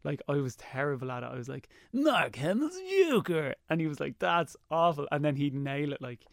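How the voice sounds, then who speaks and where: Gravelly man trading impressions on radio. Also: medium pitch, fairly even intonation, fast, dry recording, studio quality. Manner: jokey, slips into cartoon voices. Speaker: radio guest doing impressions. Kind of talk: casual chat.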